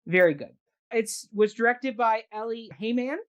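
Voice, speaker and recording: A woman's voice: a little high, normal speed. Upbeat woman hosting a talk show. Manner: upbeat, enthusiastic introductions. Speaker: host. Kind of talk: casual chat.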